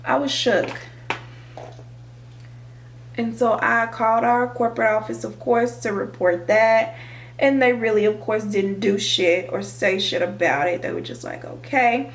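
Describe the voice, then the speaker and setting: A young woman vlogger telling a dramatic, profane storytime while doing her makeup, animated and expressive. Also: on the high side, a little slow, slight background noise. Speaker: beauty vlogger. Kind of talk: storytime chat during a makeup tutorial.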